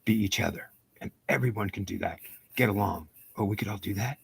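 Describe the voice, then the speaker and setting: A man's voice: on the low side, fast talker, gravelly, fairly bright tone, slightly rough. A man from the United States rambling through a self-recorded monologue, arguing both sides of an imagined dialogue in repetitive, circling phrases.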